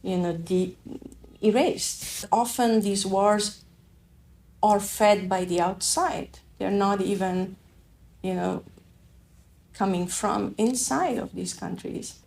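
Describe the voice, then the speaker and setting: A woman from Afghanistan, a refugee giving a personal testimony in a reflective, halting way. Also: mid-range voice, creaky, a little mellow, slight background noise. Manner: slow, reflective, halting phrasing. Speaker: refugee telling her story.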